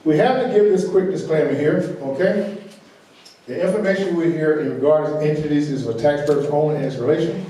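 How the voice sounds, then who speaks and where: Fast, loud Southern man in an echoey room. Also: fairly high pitch, a little hiss or hum. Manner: energetic, repeats "okay?" to check in with the audience. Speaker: workshop presenter. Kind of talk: financial training workshop lecture. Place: large meeting room. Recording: very echoey room, voice far from the recorder.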